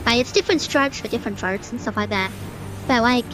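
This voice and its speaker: A young woman streamer gives loose, rambling gameplay commentary, filling her sentences with fillers as she vents. Her voice sits a little high for a woman, and faint game music plays under her talk. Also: quick pace. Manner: chatty, ranting, many "like" fillers. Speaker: gaming streamer.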